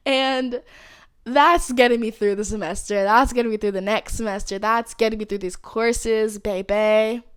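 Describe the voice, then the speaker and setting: A woman's voice: a little high, fairly even intonation, normal speed, clear, resonant tone, dry recording, studio quality. Playful young woman podcaster. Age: 20s. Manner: playful, slangy, rambling with laughs. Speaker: podcast host. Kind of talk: casual solo podcast chat.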